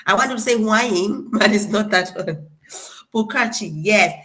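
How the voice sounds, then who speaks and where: A young woman from Tanzania teaches a class in a relaxed, chatty way. She repeats each word slowly and carefully so the students can follow. Her pitch sits in an ordinary middle range. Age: young adult. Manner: slow, deliberate drilling of words, playful and chatty. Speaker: guest lecturer.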